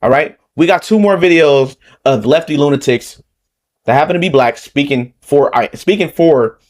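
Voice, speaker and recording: Pitched fairly high and speaking at a moderate pace, this Southern Californian man hosts a political commentary channel, reacting to material. He gets heated, repeats himself, and closes points with a rhetorical "okay?"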